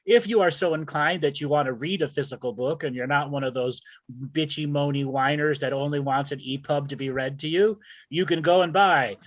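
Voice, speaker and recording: A man's voice: a little high, brisk, no echo. A man co-hosting a casual comedy chat, upbeat as he wraps up the show. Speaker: co-host.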